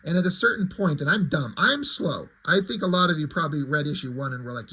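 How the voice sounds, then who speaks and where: A man's voice: a little high, expressive, quick pace, hardly any pauses, pushed and bright, slightly rough. A man reviewing comics in casual, profane, self-deprecating commentary that rambles.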